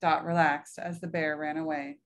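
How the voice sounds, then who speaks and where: A woman reading a picture book aloud to children, gently explaining words as she goes. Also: deep voice, little pitch movement, normal speed. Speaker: story reader for children at church.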